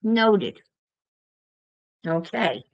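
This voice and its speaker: A woman's voice: medium pitch, expressive, extremely slow, no echo, lo-fi sound. A woman chatting casually to livestream viewers while she crafts, musing aloud as she works.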